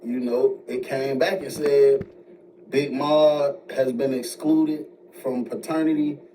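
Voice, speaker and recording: A man telling a story in a casual way, jumping high in pitch when he quotes other people. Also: takes it slowly. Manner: animated retelling, jumps high when quoting others. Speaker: storyteller in played video. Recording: distant mic with faint noise.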